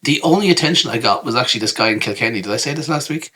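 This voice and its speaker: A man's voice: mid-range voice, very fast, husky. A young man co-hosting a podcast, telling stories in a casual, joking way. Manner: animated storyteller, jokey impressions. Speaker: podcast co-host. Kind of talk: casual chat.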